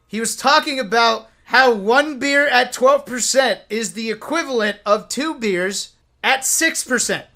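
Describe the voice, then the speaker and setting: A man with a high, bright voice tells a story to his stream chat. He talks in a casual, animated way, cursing freely and tossing "right?" at his viewers. Soft music plays faintly behind him.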